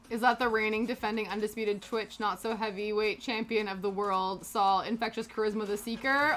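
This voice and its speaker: Bubbly Canadian-raised woman streamer, bright voice. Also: mid-range voice, fairly quick, few pauses, soft background music. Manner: chatty, animated, laughs often, greets viewers by name. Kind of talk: casual chat with live chat while cross-stitching.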